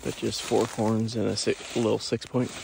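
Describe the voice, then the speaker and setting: A man's voice: lowish voice, level tone, moderate pace, creaky, background noise. A young adult man from New Hampshire, a hunting vlogger, casually telling stories outdoors and laughing at them. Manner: amused, laughs at his own stories. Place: outdoors after a hunt.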